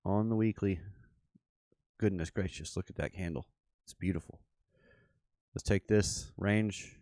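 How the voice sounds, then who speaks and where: Slow-talking Memphis Southern man. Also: low-pitched, smooth, dry recording, studio quality. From Memphis, Tennessee. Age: adult father. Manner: rambling, thinks aloud with fillers and excited asides. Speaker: crypto streamer. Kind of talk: casual live chart commentary.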